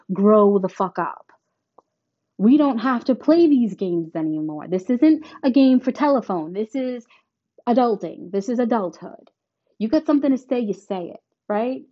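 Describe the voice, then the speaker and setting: A woman's voice: on the high side, dull audio. Blunt, profane woman ranting. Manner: blunt, emphatic and heavily profane. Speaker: podcast host. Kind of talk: spiritual channeling monologue.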